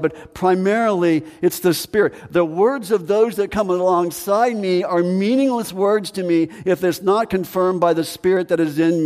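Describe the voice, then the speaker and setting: A man's voice: high-pitched, darkish tone, big-room sound. A male pastor preaching a sermon in an earnest, repetitive way.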